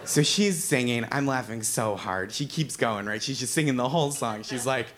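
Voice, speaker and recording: A man being interviewed, telling warm, animated personal anecdotes with laughing asides. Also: medium pitch, moderate pace, noisy background. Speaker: comedian guest. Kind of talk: interview storytelling.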